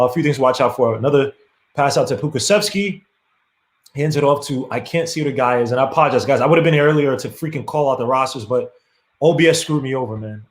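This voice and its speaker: A man hosting a live podcast stream, casually commenting on a basketball game while griping about his streaming setup, with lots of fillers and restarts. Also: medium pitch. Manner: frustrated, apologetic, rambling with many fillers. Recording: echoey room.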